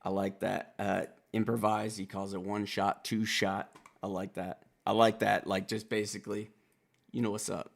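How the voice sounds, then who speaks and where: A man from Wisconsin hosting a music reaction video, talking in blunt, profane, excitable bursts. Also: fairly low pitch, normal speed, creaky. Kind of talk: casual reaction commentary.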